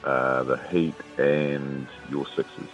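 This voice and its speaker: A man calling in to a radio quiz, answering in a relaxed, hesitant way. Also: rumbling low, takes it slowly, faint music behind. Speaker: caller.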